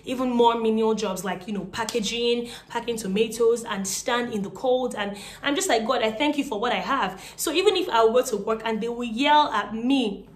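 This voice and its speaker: A young Nigerian woman with a Nigerian accent vlogs, casually telling her own story to the camera. Her voice is on the high side at a moderate pace, and she talks in a chatty way with many fillers.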